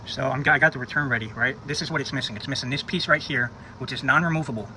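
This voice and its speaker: This DIY repair vlog features a man chatting casually while fixing his car in a home driveway, cursing freely and musing out loud. His medium-pitched voice is quick, bright and forceful, with a slight hiss or hum on the recording.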